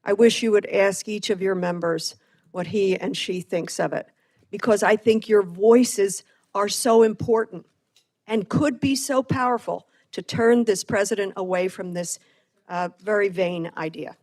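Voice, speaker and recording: A woman committee member addressing the chair in measured, slightly halting remarks. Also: medium pitch, darkish tone. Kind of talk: formal remarks in debate.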